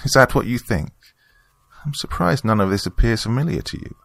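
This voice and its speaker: A man's voice: medium pitch, lively intonation, brisk, vocal fry, dry recording, pitched above the performer's own voice. A man voicing a sinister woman cult leader who speaks in a mocking, condescending way. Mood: taunting.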